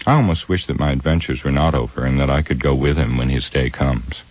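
A man's voice: a bass voice, a little fast. A man voicing an elderly, feisty male hobbit who recites verse impatiently in an audiobook reading.

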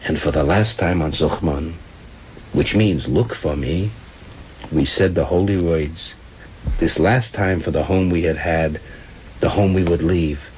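A man reading a comic story aloud with animated, comic timing. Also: low voice, a little slow, slight background noise, low-quality recording.

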